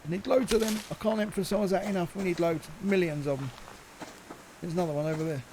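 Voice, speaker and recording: A man's voice: high-pitched, fast, noisy background. A man chatting and muttering to himself as he plays a survival game, with mild swearing and asides to viewers. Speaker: gaming channel host.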